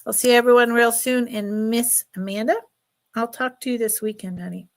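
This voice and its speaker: On a relaxed live-selling stream, a middle-aged woman hawks jewelry in a slightly high voice at a normal speed. She chats freely, gets emotional, and laughs a lot.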